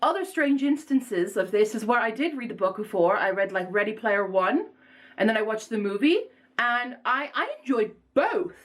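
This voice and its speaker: A woman book vlogger chatting casually in a put-on snobbish accent, playful and self-mocking, her pitch swooping up and down. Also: big pitch swings, moderate pace. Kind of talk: casual chat.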